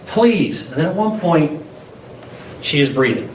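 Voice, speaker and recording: A defense attorney with a slightly high voice opens to a jury in an animated, emphatic way at a moderate pace, piling on rhetorical questions. Captured in an echoey courtroom by a distant mic, the audio carries a faint hiss.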